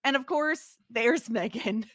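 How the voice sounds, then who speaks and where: A woman co-hosts a podcast, casually recapping a TV episode and giggling often as she retells scenes in an animated way. Her voice is a little high and her pace slow, captured in a dry, clean studio recording.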